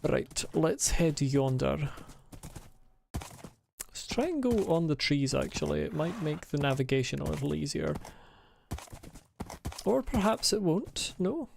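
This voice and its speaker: A man's voice: a little high, unhurried, gravelly, darkish tone, a little hiss or hum. A man hosting a let's play, giving casual gameplay commentary and muttering to himself in a wry, self-deprecating way.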